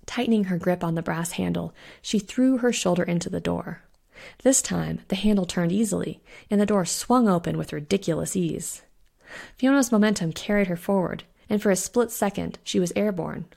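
A woman, the author, reading her own spooky short story aloud with steady narration. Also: lowish voice, normal speed, gravelly. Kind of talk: scripted narration.

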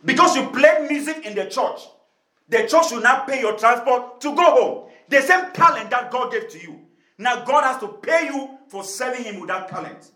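A man preaches in a high, light voice, telling his congregation a story and slipping into the voices of its characters. His words ring out with a noticeable echo from the room around him. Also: expressive, moderate pace, sharp tone. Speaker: pastor. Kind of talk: sermon.

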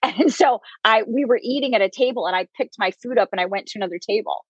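A woman in her fifties, a psychic medium, telling her own life story as an interview guest, candid and quick to laugh. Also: a little high, husky, no room sound. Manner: candid, laughs often while telling stories. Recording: dull, dry lo-fi recording.

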